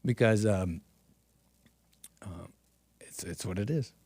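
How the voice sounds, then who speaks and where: A man's voice: fairly low pitch, takes it slowly, mellow, slightly rough, no echo. Sarcastic man chatting on a dry mic. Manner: sarcastic, chuckling often; talks straight to chat. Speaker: livestream host. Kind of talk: political commentary livestream.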